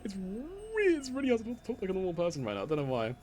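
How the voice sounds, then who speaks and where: A young man with a high, bouncing voice streams a game, caught in a giddy, stammering ramble and repeating himself. His voice leaps up and down constantly. Faint game music plays underneath. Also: very animated, rapid-fire, darkish tone. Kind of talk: live gameplay commentary.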